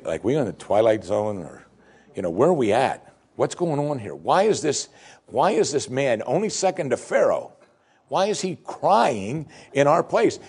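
A male preacher with a gravelly, husky voice retells a scripture story as a dramatic sermon. His pitch leaps and falls as he builds scenes, and he says the key lines twice for emphasis. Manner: dramatic storytelling, swinging from hushed to excited.

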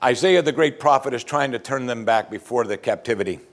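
A man's voice: mid-range voice, fairly quick. A male pastor preaching a sermon, building emphasis and pressing his listeners with pointed questions.

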